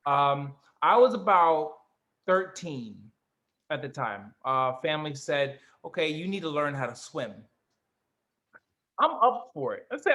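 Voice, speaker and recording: A man telling a story in casual chat, animated and profane, acting out the people in it. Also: fairly high pitch, measured pace. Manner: animated storyteller, swearing, acts out other voices. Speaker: co-host.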